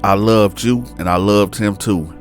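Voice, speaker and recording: A man's voice: fairly low pitch, unhurried, faint music behind, close to an everyday voice. A man voicing a bitter, vengeful son who talks in a coarse, menacing, slangy way.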